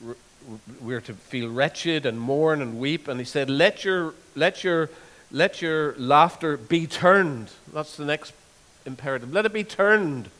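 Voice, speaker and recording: A man preaching a sermon, earnest, repeating words and slowing down to stress scripture. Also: a little high, clean tone. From Northern Ireland. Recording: long hall reverb.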